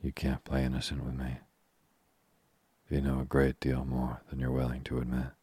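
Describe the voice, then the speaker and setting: A man voicing a bullying, angry middle-aged businessman in a sleep-story reading, with a low, gruff manner. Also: completely flat delivery, normal speed, mellow, no room sound, heavily acted.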